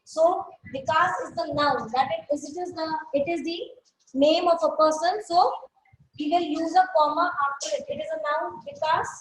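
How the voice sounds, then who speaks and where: A woman teacher with an Indian English accent, giving a grammar lesson and dictating example sentences slowly, word by word. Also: sits high, fairly even intonation, roomy sound, slight background noise, poor audio. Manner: slow, deliberate dictation, repeating phrases word by word.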